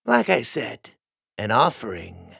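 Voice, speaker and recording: Guy doing a scheming studio boss lady, irritable, a bit raspy, dry sound. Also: mid-range voice, huge pitch swings, slow pace, fairly bright tone, no echo, heavily acted. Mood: smug. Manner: irritable, greedy and smug.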